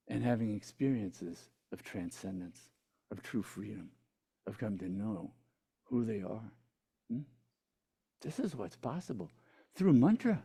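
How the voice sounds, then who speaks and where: A man's voice: mid-range voice, warm tone, slightly rough. A man giving a spiritual teaching talk, telling a story and checking in with his listeners by asking "hmm?".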